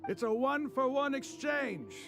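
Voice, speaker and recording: A man's voice: extremely high pitch, expressive, normal speed, creaky, exaggerated voice. A man voicing a haughty, calculating male negotiator in a video game, smug and condescending. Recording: game music behind the voice.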